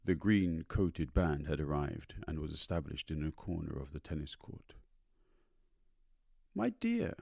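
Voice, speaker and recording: A man narrating an audiobook of a short story in a measured, unhurried manner. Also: rumbling low, fairly even intonation, gravelly, a little mellow, no echo, clean studio sound.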